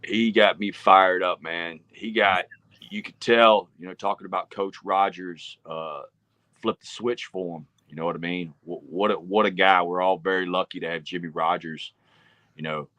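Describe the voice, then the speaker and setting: A man co-hosting a life-coaching podcast, chatting in an earnest, fired-up way that slows down for emphasis. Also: low voice, fairly even intonation, bright, forceful tone, no echo. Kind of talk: casual chat.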